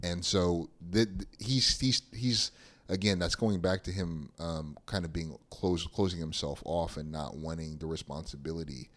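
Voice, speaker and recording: Low-voiced man chatting about a film. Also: moderate pace. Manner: relaxed, laughs while retelling scenes. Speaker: podcast co-host. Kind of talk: casual movie review chat.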